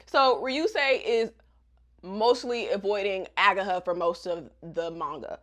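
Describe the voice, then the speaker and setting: A woman's voice: medium pitch, unhurried, a bit bright. A woman giving a casual manga recap, slangy and joking, laughing often. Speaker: manga reviewer.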